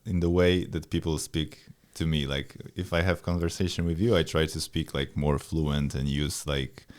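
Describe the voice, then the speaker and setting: Young man, non-native English, very low pitch, casual chat, hesitant, halting. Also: steady tone. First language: not English. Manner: hesitant, searching for words. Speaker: podcast co-host.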